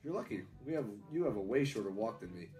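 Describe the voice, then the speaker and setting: A man's voice: medium pitch, big pitch swings, fast talker, dark tone, distant mic, soft background music, close to an everyday voice. A man voicing a friendly young French-Canadian man new in town, with a put-on and spotty French accent. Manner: polite, shifting fake accent.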